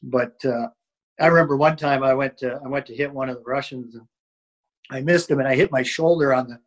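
A man's voice: medium pitch, steady tone, a little fast, rough recording. A man, a former hockey player, telling stories in a casual interview, rambling with lots of fillers and restarts.

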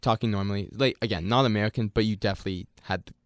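A man with a lowish voice who hosts a relaxed, joking conversation. He likes to mimic other people's accents. The sound is close and dry, with no room around it. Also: dry recording. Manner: joking, teasing, with quick laughs. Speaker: host asking questions. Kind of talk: casual chat.

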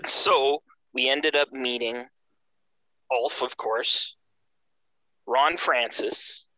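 A man from Canada tells a casual story in a bright, clear voice. He lively acts out the people he quotes. The sound is dry and close to the mic. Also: medium pitch, extremely slow, no room sound, poor audio.

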